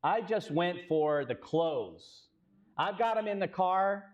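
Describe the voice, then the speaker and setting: A man's voice: sits high, takes it slowly, muffled recording. A man with a Texan accent telling a business story on a live stage panel, acting out the dialogue and asking the crowd questions. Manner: animated, acts out quoted dialogue, asks the crowd questions. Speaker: real estate company co-founder telling a story on a live panel.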